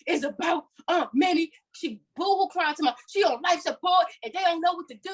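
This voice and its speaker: A woman co-hosting a podcast, telling a story in a heated, profane, animated way in casual chat. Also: very high-pitched, fast talker, few pauses, rough recording. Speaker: podcast co-host.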